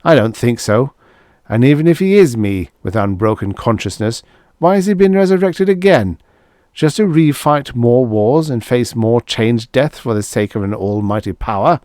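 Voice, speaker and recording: A man with a low voice voicing a bitter First World War soldier who rants hoarsely and loudly in an audiobook. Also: lively intonation, moderate pace, dry recording, clean studio sound. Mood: ranting. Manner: hoarse, loud ranting that keeps rising. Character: raving shell-shocked WWI soldier, bitter and wild.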